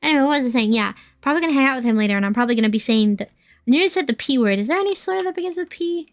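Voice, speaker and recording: A woman's voice: high-pitched, expressive, very fast, dry recording. A woman streaming a video game, chatting casually with her viewers, joking, swearing and answering their messages. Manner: playful, swears, reads and answers chat. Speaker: VTuber streamer. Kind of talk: casual gaming livestream chat. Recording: dry voice with faint game music.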